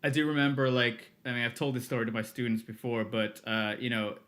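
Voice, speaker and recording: A man's voice: mid-range voice, a little fast. A man in his thirties, a guest on a podcast, telling stories casually with frequent laughs and acted-out quotes. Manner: animated storyteller, laughs often, acts out quotes. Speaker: podcast guest, music producer. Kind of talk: casual interview storytelling.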